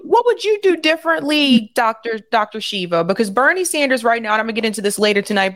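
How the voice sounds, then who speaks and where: A woman hosting an interview puts direct questions to her guest in a plain, conversational way. Her voice is mid-pitched, and the recording is dry with no room sound. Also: no echo.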